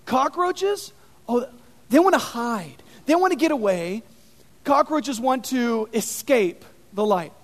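Very high-voiced preacher man. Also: slow. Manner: animated, conversational storytelling with many fillers. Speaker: pastor. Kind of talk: sermon. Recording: long reverb of a large hall.

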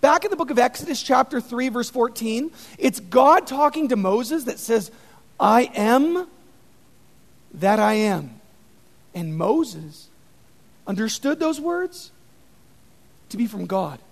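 A man preaching an animated sermon, telling stories with dramatic emphasis. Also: very high-pitched, measured pace. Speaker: pastor. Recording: long reverb in a hall.

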